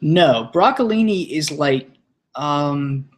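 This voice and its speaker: A man's voice: on the high side, expressive, takes it slowly. A young male streamer talks in a loose, rambling way. He swears freely and laughs often. He sounds like a casual live-stream host.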